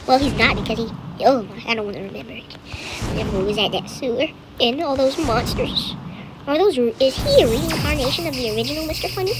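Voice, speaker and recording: A young woman talks her way through a creepy game with a high, wildly swooping voice. She chatters, yelps and laughs at every scare. Noise hisses under the recording. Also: sing-song, a little fast. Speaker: gaming channel host. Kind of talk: live gameplay commentary.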